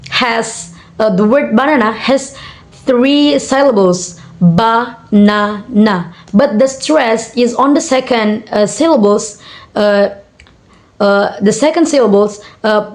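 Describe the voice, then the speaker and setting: A young Indonesian woman with a slightly high voice reads her coursework answers aloud at an unhurried pace. She hesitates with frequent fillers and says each example word several times over. Her English has an Indonesian accent. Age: young adult. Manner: hesitant, many fillers, repeats example words slowly. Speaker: student. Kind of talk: reading out assignment answers.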